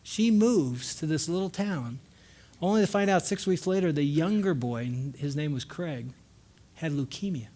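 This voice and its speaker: A man in his sixties speaking at a marriage conference, telling a personal story to a live audience. He goes from lively and loud to hushed and slow at the emotional moments, with wry asides to the crowd. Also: a little high.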